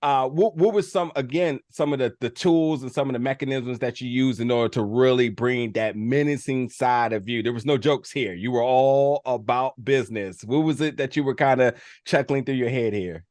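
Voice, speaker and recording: A man with a middle-pitched voice, recorded close and dry with no room sound. He hosts a casual interview, asking long, winding questions and laughing easily along with his guest. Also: moderate pace, hardly any pauses, darkish tone, no room sound. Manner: rambling questions, laughs often, says "folks". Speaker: interview host.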